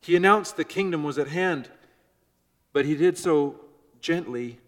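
A man preaching a sermon to his congregation, measured and shifting between soft, gentle phrases and loud emphasis. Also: fairly high pitch, big-room sound. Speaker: pastor. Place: church before a congregation.

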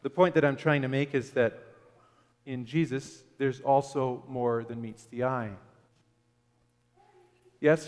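Man preaching in a reverberant hall. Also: a little high. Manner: conversational, asks the audience questions, some "uh" fillers. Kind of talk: sermon.

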